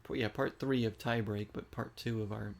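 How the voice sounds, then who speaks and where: A man's voice: on the low side, steady tone, normal speed, creaky, slight background noise. Chatty man commentating his gameplay. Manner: chatty, reacts aloud to the game. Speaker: gaming streamer.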